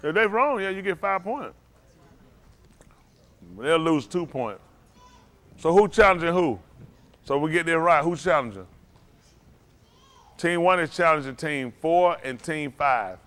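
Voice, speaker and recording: A man hosting a casual trivia game, joking with the teams and getting animated when he argues his point. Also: a little slow, long pauses, no echo. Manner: animated, jokey, rising to high exclaims. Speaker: quiz host.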